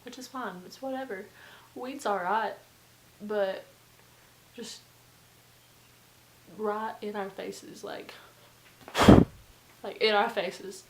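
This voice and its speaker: A young woman, telling a storytime vlog in a chatty, animated way full of fillers. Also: medium pitch, slow pace, long pauses, echoey room, background noise. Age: young adult. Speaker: vlogger.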